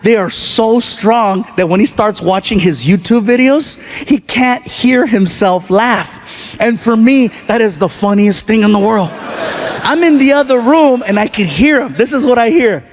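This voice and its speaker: A middle-aged man performing a stand-up comedy routine, telling animated stories and acting out the voices of his family. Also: high-pitched, a little slow. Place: comedy stage with a live audience.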